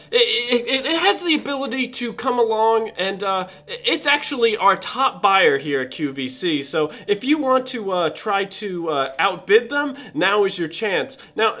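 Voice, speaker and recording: A man's voice: high voice, sharp tone, exaggerated voice. A man playing a hard-selling shopping-channel salesman who keeps saying "now, now.". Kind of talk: improv comedy game.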